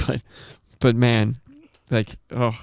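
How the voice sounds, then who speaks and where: Man, podcast host, gravelly voice, rambling casual storytelling, dry close sound. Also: mid-range voice, slow pace, no room sound. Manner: rambling, swearing, animated retelling with quoted voices.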